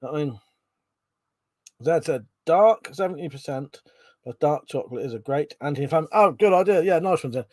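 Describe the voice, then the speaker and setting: A man's voice: fairly high pitch, expressive, normal speed, a little mellow, dry recording. A middle-aged man hosting a casual live stream, swearing freely, laughing often and chatting about viewers' comments.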